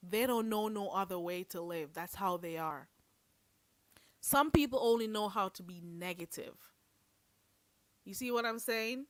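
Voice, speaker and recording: A woman's voice: mid-range voice, measured pace, pauses often, dry recording. A woman hosting a livestream, giving blunt, sassy commentary and preachy advice. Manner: blunt, sassy, preachy, calls listeners "girl". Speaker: livestream host.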